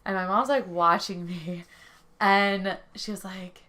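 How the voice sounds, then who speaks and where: A woman's voice: medium pitch, fairly even intonation, slow, bright, forceful tone. A young woman casually telling a storytime tale, chatty and rambling, laughing easily. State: stuffy from a head cold then. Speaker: co-host telling a birth story.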